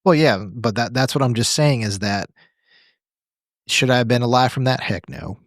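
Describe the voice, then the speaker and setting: A man's voice: mid-range voice, normal speed, no room sound, studio quality. A man co-hosting a podcast, telling a story with emphasis and answering his own questions. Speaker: podcast co-host.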